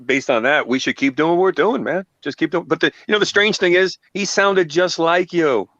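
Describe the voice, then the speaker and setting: A man's voice: fairly high pitch, moderate pace, fairly bright tone, no echo. A middle-aged man hosting a live online panel, telling a personal story in an earnest, casual way. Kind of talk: casual chat. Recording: dull, dry sound.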